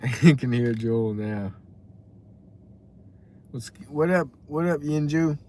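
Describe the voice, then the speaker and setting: Young male streamer, casual chat, slow and rambling, reads viewer names aloud. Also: medium pitch, darkish tone. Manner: rambling, talks to viewers by name. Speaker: livestreamer reading chat.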